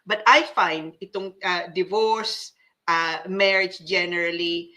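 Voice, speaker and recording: Woman host, breezy English with asides, forceful bright tone, rambling fillers. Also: lowish voice, steady tone, slow pace. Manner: chatty, mixes English with Tagalog, frequent fillers and restarts. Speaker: host reading viewer comments. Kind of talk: casual live-show chat.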